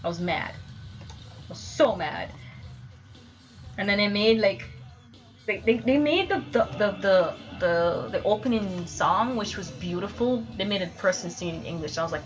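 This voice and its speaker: A young woman chatting on her live stream, animated and blunt, swearing freely as she rants. Her voice sits at an ordinary middle pitch, and faint music plays behind her. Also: moderate pace, poor audio. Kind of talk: casual live-stream chat.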